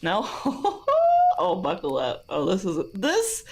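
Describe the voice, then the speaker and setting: A woman's voice: on the low side, wildly swooping pitch, takes it slowly. Giggly woman cohosting a podcast, voice bouncing all over, super casual chat. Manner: giggly, laughs often between phrases. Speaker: podcast co-host.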